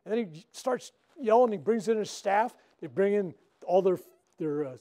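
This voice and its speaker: An older man, a minister, speaks at normal speed in a high-pitched, expressive, warm voice. In a spiritual center meeting room, he runs a workshop for a live group, telling chatty stories and regularly checking in with "right?"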